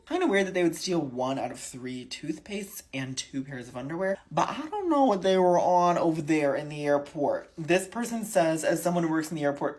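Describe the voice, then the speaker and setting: A young man vlogging casually, telling a travel mishap in a dramatic, exasperated way, swearing and squealing when indignant. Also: fairly high pitch. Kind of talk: casual vlog storytelling.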